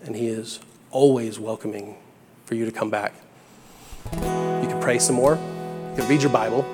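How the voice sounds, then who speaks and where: A man's voice: mid-range voice, fairly even intonation, normal speed, over loud music. A young man delivers a sermon in a casual, heartfelt manner, his mid-range voice rising into emphatic peaks on key lines. His words hang in a long church-hall reverb. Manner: earnest, conversational, builds to bursts of emphasis. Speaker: preacher.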